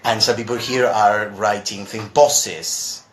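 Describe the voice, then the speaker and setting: A man's voice: on the low side, fairly even intonation, slow pace, reverberant, slight background noise. A man teaching English in a live stream, chatty and casual, reading viewer questions aloud as he goes. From Argentina. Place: room at home.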